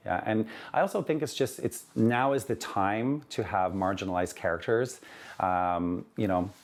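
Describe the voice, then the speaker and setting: A man's voice: fairly low pitch, normal speed. A man, a children's book author, talking earnestly in an interview and telling his story with many "you know"s.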